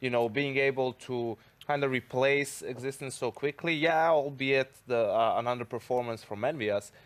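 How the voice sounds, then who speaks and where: A man's voice: medium pitch, moderate pace. Man explaining plays, "you know"-heavy. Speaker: esports caster. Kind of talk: analyst desk commentary.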